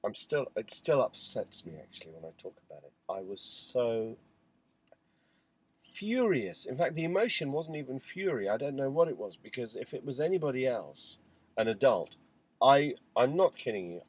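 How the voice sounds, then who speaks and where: Father, video diary, candid rambling storyteller, plain mid-pitched voice. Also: very animated, normal speed, slightly rough, low-quality recording. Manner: frank, rambling storytelling with fillers and asides. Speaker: father recounting family life. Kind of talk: candid spoken diary monologue.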